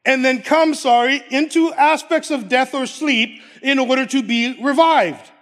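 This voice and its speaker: A man's voice: very high-pitched, measured pace, few pauses, a bit bright. A man preaching a sermon, emphatic, repeating key phrases and laughing between points.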